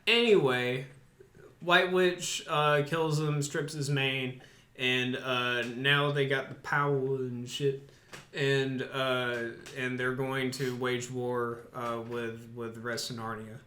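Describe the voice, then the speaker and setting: A man co-hosting a casual podcast, retelling a film plot in a halting, rambling way with lots of fillers. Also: medium pitch, little pitch movement, pushed and bright. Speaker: podcast co-host. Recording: echoey room.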